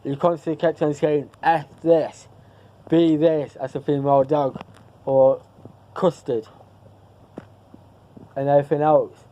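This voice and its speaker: A man's voice: fairly high pitch, flat delivery, measured pace, long pauses, warm tone, highs cut off. A man chatting casually to camera in a vlog, rambling and repeating himself as he loses his thread. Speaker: vlogger.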